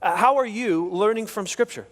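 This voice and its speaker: A man's voice: high-pitched, normal speed, big-room sound. A male pastor preaching a sermon, emphatic and repeating his key phrases. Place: church sanctuary.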